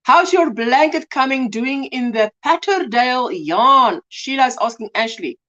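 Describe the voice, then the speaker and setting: A South African woman hosts a crochet livestream, with a high voice that swings up and down a lot. She reads out viewer comments and greets people by name, calling them sweetheart and tagging sentences with "hey?". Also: animated, unhurried, sharp tone, muffled recording. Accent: South African English. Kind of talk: casual live chat reading comments.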